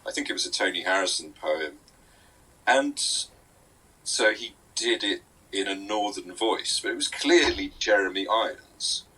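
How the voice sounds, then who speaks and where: Husky low-voiced man chatting and giggling. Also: expressive, a little slow, pushed and bright, rough recording. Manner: giggly and playfully sweary. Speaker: guest comedy writer. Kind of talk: casual podcast chat.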